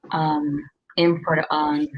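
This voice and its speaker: A woman's voice: sits low, level tone, drawn-out words, highs cut off, slight background noise. A tired woman chatting casually about running her restaurant, rambling with many fillers and restarts. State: tired, yawning. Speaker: restaurant owner giving business tips. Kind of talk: casual chat.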